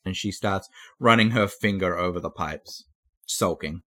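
A man narrating slowly and measuredly as game master of a tabletop game. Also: deep voice, fairly bright tone.

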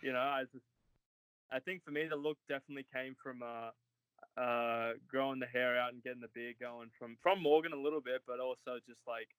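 A young Australian man in his twenties answers podcast questions in a loose, rambling way, with plenty of filler words. His voice is bright and forward, and the sound is dry and close. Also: medium pitch, steady tone, a little fast, smooth, no room sound, rough recording. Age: 20s. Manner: laid-back and rambling, heavy on "like" and "uh". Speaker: podcast guest, college runner. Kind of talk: casual interview chat.

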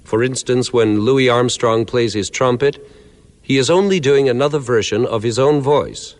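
A man giving a clear, measured lecture that explains musical ideas step by step, sometimes counting out beats. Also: medium pitch, a little mellow, in a large hall.

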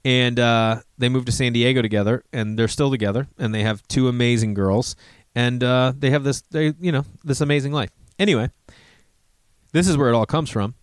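An American man in his forties tells a long personal story in a loose, rambling way, swearing often. He jumps into quick bits of dialogue as he goes. His voice is mid-pitched and sounds dry and close, with no room echo. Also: clean tone. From United States. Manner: rambling, profane, acts out quoted dialogue. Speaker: comedian.

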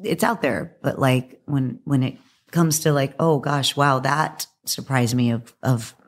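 A woman guest on a podcast, talking casually with a hoarse voice and an animated way of acting out quotes. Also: a bass voice, a little slow. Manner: animated, laughing, acts out quotes. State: hoarse from press junkets.

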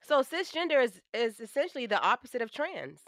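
A blunt, profane woman co-hosting a podcast in casual chat, with strong opinions. Her voice is bright and forward. The sound is dry and close. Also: sits high, sing-song, a little fast, no echo. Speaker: podcast co-host.

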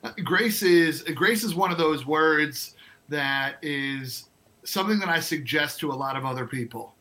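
A man's voice: a little high, animated, a little slow, sharp tone. A man co-hosting a podcast in casual chat, hesitant and full of fillers, laughing easily. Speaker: podcast co-host.

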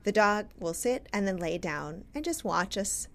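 Female podcast co-host, casual, animated storyteller, lots of laughter, very varied pitch. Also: moderate pace. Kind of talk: casual chat.

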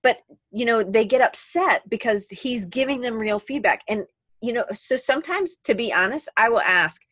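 A woman's voice: on the high side, expressive, moderate pace, a bit bright, no room sound. A woman co-hosting a podcast in casual chat, rambling and correcting herself as she goes. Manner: rambling, self-correcting, chatty. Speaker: podcast co-host.

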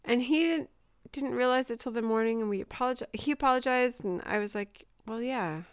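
A woman in her forties from Southern California speaks candidly about her week, her voice carrying a gravelly edge. The recording is dry and close. She talks in loose, emotional bursts with plenty of fillers. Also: a little high, brisk, no room sound. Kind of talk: casual chat.

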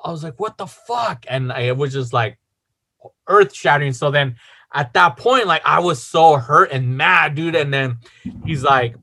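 A man's voice: fairly high pitch, normal speed, vocal fry, bright, forceful tone. A man casually telling a long personal story, rambling with lots of fillers and swearing.

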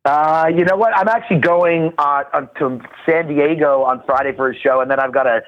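A man's voice: on the high side, fairly quick, highs cut off. A man talking as a guest comedian in a casual chat, riffing and laughing often.

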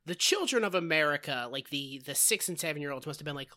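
Bright-voiced man telling jokey stories. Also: on the high side, animated, quick pace. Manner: jokey storyteller, many fillers like "like" and "um". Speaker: podcast co-host. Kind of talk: casual comedic movie chat.

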